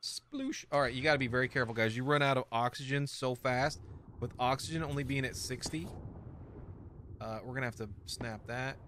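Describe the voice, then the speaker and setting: A man's voice: mid-range voice, fairly even intonation, a little fast, fairly bright tone, a little hiss or hum. A man giving casual let's-play commentary, chatty and self-mocking, talking to the pieces he builds. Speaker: gaming streamer.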